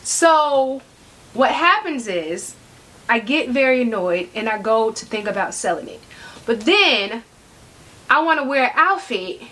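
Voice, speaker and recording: A woman's voice: a little high, very animated, a little slow, fairly bright tone. A woman vlogging at home about her handbag collection, sassy and joking as she talks straight to her viewers. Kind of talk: casual talk to camera. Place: room at home.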